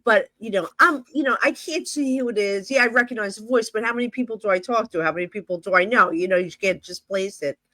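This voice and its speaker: A woman's voice: mid-range voice, quick pace, hardly any pauses, sharp tone, no room sound. A middle-aged woman from New Jersey, a psychic medium telling stories in a casual interview, rambling and full of fillers like "you know".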